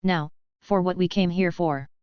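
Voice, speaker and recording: A woman's voice: fairly low pitch, steady tone, a little slow, clean tone, no room sound, highs cut off, lightly acted. A woman voicing a confident young man who leads his group, speaking bluntly and in a businesslike way.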